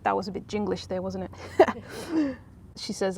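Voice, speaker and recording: A woman's voice: medium pitch, moderate pace, darkish tone, slight background noise. A woman casually recapping a soap episode in a chatty, sarcastic way, mocking the characters.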